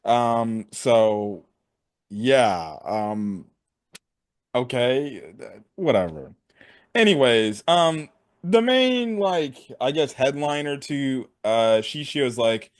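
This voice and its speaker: Lively-voiced man recapping an anime. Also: medium pitch, slow. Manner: loose, rambling recap with fillers and laughs. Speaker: anime review co-host. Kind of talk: casual chat over a call.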